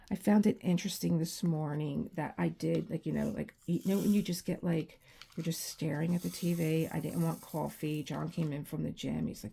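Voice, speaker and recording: Tired woman, gravelly and mellow. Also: deep voice, fairly even intonation, normal speed, a little hiss or hum. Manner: rambling, restarts often, emotional storytelling. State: tired, low energy; teary. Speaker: crafting channel host. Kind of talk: casual chat while diamond painting. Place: home room.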